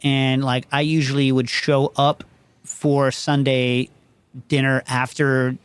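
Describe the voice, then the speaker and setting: A man hosting a loose call-in show, talking in long digressive runs and checking in with "you know what I mean" every few sentences. His voice sits at an ordinary middle pitch. The recording is close and dry, with no room sound. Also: flat delivery, slow pace, smooth, no echo. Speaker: show host. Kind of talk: casual call-in show chat.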